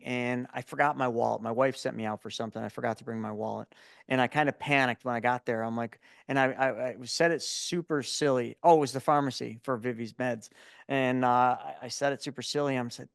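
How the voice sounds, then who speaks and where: A man in his forties, a guest in an interview, telling stories in a lively, casual way and often repeating words as he starts a thought. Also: mid-range voice, gravelly, smooth, no echo, studio quality. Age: 40s. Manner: animated storyteller, repeats words when starting.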